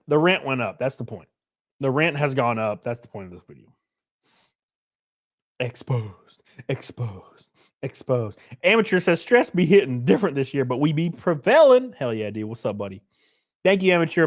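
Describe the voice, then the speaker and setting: Blunt, lively male streamer. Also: mid-range voice. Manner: blunt and profane, reads chat aloud. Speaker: streamer host. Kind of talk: casual live-stream reaction rant.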